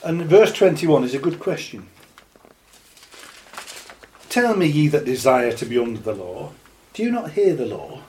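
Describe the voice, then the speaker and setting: A man preaching a sermon, reading scripture slowly and then building into impassioned, rising exhortation. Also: fairly high pitch, very animated, darkish tone, a little hiss or hum. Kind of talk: sermon, Bible teaching.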